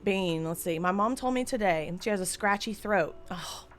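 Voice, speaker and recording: A woman streams from home into a desk microphone, chatting casually and candidly in a medium-pitched voice at a moderate pace. She rambles and swears freely in this live-stream chat, with faint music behind her.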